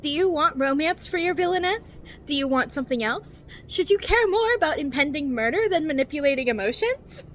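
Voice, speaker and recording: A woman's voice: high voice, lively intonation, fairly quick, hardly any pauses, fairly bright tone, a little hiss or hum. A woman streamer reading game text aloud in a cheery infomercial-style voice and giggling often.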